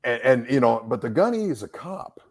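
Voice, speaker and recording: A middle-aged Marine reservist officer tells a story in a casual interview, animatedly acting out the quoted dialogue as he goes. His voice is mid-range and brisk.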